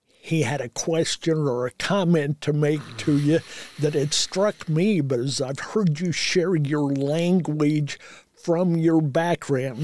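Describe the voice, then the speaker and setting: Slow, gentle male podcast host. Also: on the high side, no room sound. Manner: slow, gentle, deliberate questioning. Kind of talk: interview questions.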